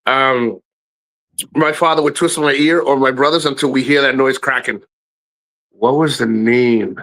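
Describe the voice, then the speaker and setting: A middle-aged man hosting a live stream, telling profane family stories to his chat in a casual, animated way, his voice jumping high when he quotes people. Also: unhurried, poor audio. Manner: animated, swearing, voice jumps high for quoted lines.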